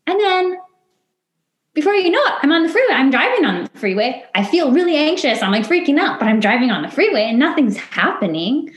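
A woman's voice: sits high, big pitch swings, a little fast. A woman, a podcast guest, telling a personal story in conversation and acting out her past self and others in quoted lines. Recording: roomy echo.

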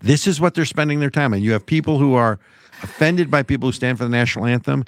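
A man's voice: medium pitch, fast talker, slight background noise. A man co-hosting a casual political talk show, wry and sarcastic, rambling with restarts. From United States. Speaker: podcast co-host.

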